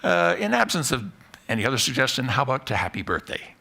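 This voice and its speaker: Animated gravelly man giving a stage talk. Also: mid-range voice, quick pace. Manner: playful, self-mocking, animated. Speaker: psychology professor giving a talk. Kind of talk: live TEDx talk to an audience. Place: stage before a live audience.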